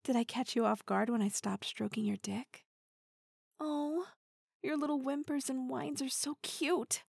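A woman's voice: high-pitched, creaky, darkish tone, husky, no echo, studio quality, exaggerated voice. A woman playing a giggly, teasing, dominant lover. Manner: teasing, giggly, drawn-out, half-whispered. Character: playful teasing dominant female partner. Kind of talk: intimate audio role-play.

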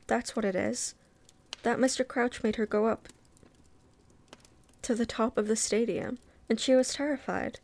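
A woman's voice: a little high, creaky, a little mellow, no echo. A woman reading aloud and voicing an earnest, principled teenage witch girl who speaks fervently.

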